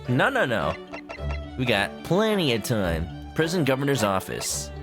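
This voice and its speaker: A man's voice: mid-range voice, very animated, moderate pace, music in the background. A man streaming a game let's play, chatting playfully and casually with many fillers.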